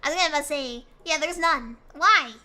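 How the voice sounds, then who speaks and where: A woman's voice: high voice, moderate pace, sharp tone. A woman streamer chatting casually with her viewers, complaining in a playful, mock-dramatic way.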